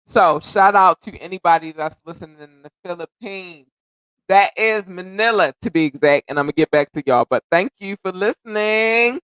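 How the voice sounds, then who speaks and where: A man's voice: high voice, normal speed, smooth, dry recording, low-quality recording. A man hosting his own podcast in a casual solo chat, talking in an effusive, grateful way and rambling, sometimes tongue-tied. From United States. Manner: effusive and grateful, repeating thanks and shout-outs; rambling, self-correcting, occasionally tongue-tied. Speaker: podcast host.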